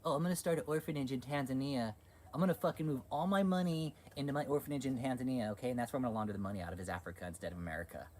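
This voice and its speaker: A man's voice: sits low, racing, hardly any pauses, slight background noise, lightly acted. A man putting on the voice of a greedy, brash woman preacher to mock her, crude and sneering.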